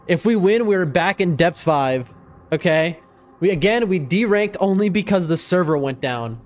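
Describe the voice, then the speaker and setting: Excitable male game streamer, fairly high voice, chatty, talks to his chat. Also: moderate pace. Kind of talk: live gameplay stream chat.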